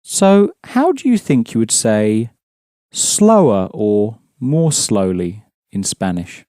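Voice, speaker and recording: A man leads a language lesson in a patient, explaining manner, prompting students with questions. His voice sits fairly low and moves lively up and down. The tone is mellow and the recording dry. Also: takes it slowly, no echo. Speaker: language teacher.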